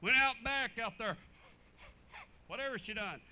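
Man, folksy sermon storytelling, drawling, high-pitched voice. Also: measured pace, clean tone, rough recording. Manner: animated, drawling storyteller with chuckles. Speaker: preacher.

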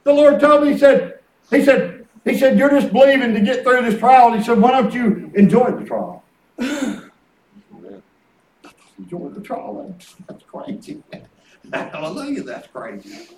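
An older preacher with a surprisingly high voice spins folksy family stories into his sermon, chuckling as he goes. He is caught from a distance in a roomy, echoey space with a faint hiss underneath. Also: animated, a little slow, long pauses, darkish tone. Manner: storytelling, chuckling, quoting family in character. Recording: echoey room picked up from a distance.

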